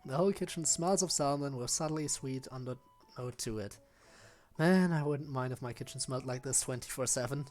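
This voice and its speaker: A man's voice: mid-range voice, a little fast, darkish tone, faint music behind. A man streaming a visual novel, reading the hero's lines and chatting with a self-mocking, laughing manner. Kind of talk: playing a visual novel aloud.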